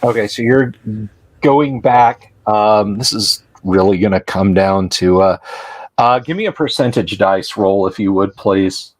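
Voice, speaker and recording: A man narrating a tabletop horror game as game master, speaking with many pauses and fillers. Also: lowish voice, no room sound. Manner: hesitant, many fillers and restarts.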